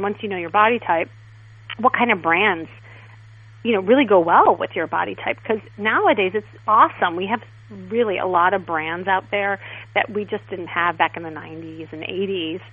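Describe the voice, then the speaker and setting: A woman guest stylist in a casual interview, telling stories in a chatty, animated way. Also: medium pitch, slightly rough. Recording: tinny phone line.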